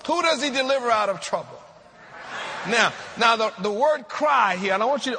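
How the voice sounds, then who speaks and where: A man preaching a sermon, asking the congregation questions and slowing down to draw out scripture verses. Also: very high voice, sing-song, sharp tone, big-room sound. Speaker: pastor.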